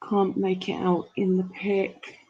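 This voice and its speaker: A woman hosts a relaxed live stream, reading out viewers' messages. Her pace is slow and easygoing, her voice sits in an ordinary middle register, and she rambles fondly with lots of fillers. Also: mid-range voice, husky, dull audio. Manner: chatty, warm-hearted, rambling with fillers. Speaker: livestream host reading chat. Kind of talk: casual live chat.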